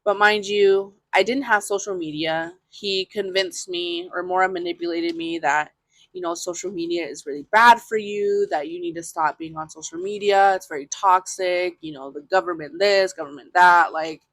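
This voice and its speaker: Frank, casual woman with a lowish voice. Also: fairly even intonation, normal speed, dry recording. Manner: casual, frank, heavy with fillers and swearing. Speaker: podcast host. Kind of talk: candid personal storytelling.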